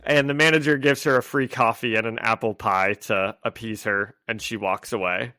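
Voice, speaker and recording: A man's voice: fairly low pitch, steady tone, normal speed, bright, forceful tone, no room sound, clean studio sound. Laughing man recapping a comic. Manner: recaps scenes at length, laughing often. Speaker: podcast co-host. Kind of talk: casual comic book discussion.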